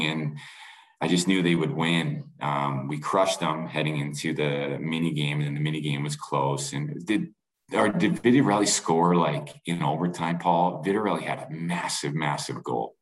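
Middle-aged canadian guy, real deep voice, rambling away telling a story on a pod. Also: moderate pace, low-quality recording. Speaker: former pro lacrosse player, guest. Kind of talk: casual podcast storytelling.

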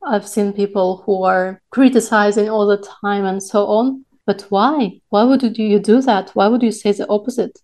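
Mellow-voiced thoughtful woman. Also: mid-range voice, fairly even intonation, moderate pace, few pauses. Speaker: podcast co-host. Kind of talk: casual podcast chat.

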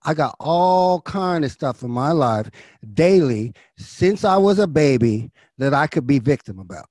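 A middle-aged man, an actor and coach, giving impassioned motivational talk as a guest, swinging from loud urging to hushed intensity. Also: fairly high pitch, no echo, studio quality.

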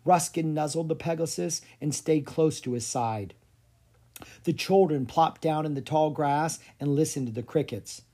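A narrator reading a children's fantasy chapter book aloud with an expressive delivery. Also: medium pitch, moderate pace. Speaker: audiobook narrator. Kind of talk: storybook narration.

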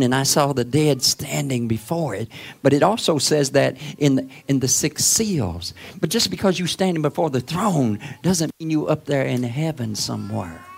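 Man preaching a sermon, high gravelly voice, keeps hammering the same lines and builds up to shouting. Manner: emphatic and repetitive, swelling to shouts.

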